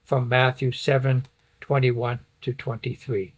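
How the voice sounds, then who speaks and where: A man with a husky, breathy voice at a middle pitch leads a Bible study lesson. He walks through a passage on slides point by point and reads verses aloud as he explains them. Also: little pitch movement, a little slow, rough recording. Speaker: Bible teacher.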